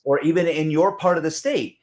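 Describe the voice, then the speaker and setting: A man's voice: a little high, a little fast. A middle-aged man from Southern California, talking as a guest in a casual conversation, telling stories and acting out other people's voices. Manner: animated storyteller who acts out others in voices.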